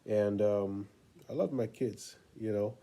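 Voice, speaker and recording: Man, middle-aged, parent coach, warm dark tone, unhurried, casual storytelling. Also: lowish voice. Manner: relaxed and unhurried, with many pauses and ums. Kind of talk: casual storytelling talk to camera.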